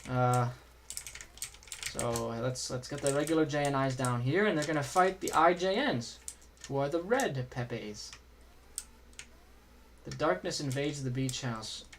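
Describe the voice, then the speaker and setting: A man's voice: medium pitch, unhurried, long pauses, a little hiss or hum. A man streaming a video game, chatting and joking casually as he plays and answers chat. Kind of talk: casual gameplay commentary.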